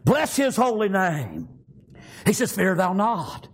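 A middle-aged man preaching a sermon, shouting in bursts, with folksy grammar and frequent amens. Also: high voice, wildly swooping pitch, takes it slowly, breathy edge.

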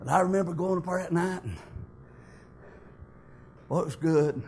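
High-voiced older man testifying. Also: moderate pace, darkish tone. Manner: folksy, homespun storytelling. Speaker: church member giving testimony. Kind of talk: church testimony.

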